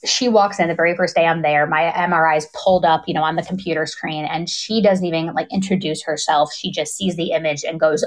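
A woman in her thirties telling a story in casual conversation, animated, often laughing and acting out the voices of people she quotes. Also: on the low side, fairly quick, hardly any pauses. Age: 30s.

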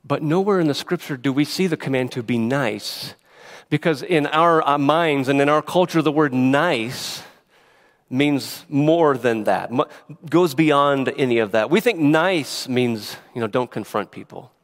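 A man's voice: medium pitch, measured pace. A man preaching a sermon in an earnest, emphatic way, often restarting his words. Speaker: pastor.

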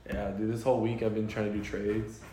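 A man's voice: on the low side, level tone, a little fast, warm tone, slight background noise. A young man co-hosting a podcast, rambling through profane stories in casual chat. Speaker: podcast co-host. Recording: echoey room with faint ambience.

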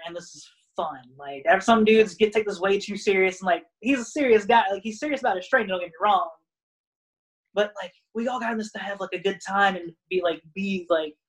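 A young man, a guest wrestler, rambling casually with lots of "like" and animated retellings of stories. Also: high-pitched, rough recording. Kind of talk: casual podcast chat.

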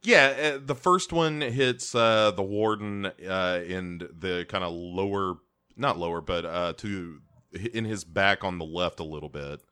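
A male podcast co-host in casual chat, recapping a film scene by scene. His voice is low yet bright and forward. He talks with plenty of ums and uhs and adds dry, wry jokes. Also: unhurried, clear, resonant tone. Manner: recaps scenes with many fillers, dry humor.

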